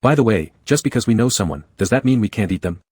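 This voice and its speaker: A man's voice: on the low side, lively intonation, fast, darkish tone, husky, no room sound, clean studio sound. A man voicing a careless, brutish male mutant who talks casually about eating people, in an audiobook.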